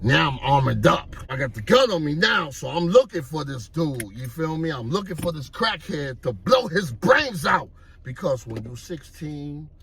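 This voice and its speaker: Gravelly New man telling stories. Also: on the high side, normal speed. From Harlem, New York. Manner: animated, acts out voices, repeats "you know what I mean". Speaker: storyteller. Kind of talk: street storytelling vlog.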